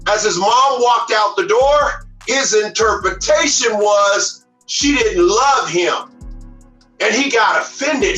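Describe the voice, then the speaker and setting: A motivational speaker, a man with a very high, bright voice, drives his points home with emphatic repetition and frequent shouts. He sounds distant and echoey, with faint music behind him. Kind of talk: motivational speech. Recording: echoey room, far from mic, faint music.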